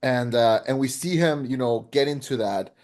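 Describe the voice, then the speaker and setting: Animated rambling man reviewing a film. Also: medium pitch, moderate pace. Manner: animated, rambling with frequent restarts and fillers. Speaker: podcast co-host. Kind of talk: casual film review chat.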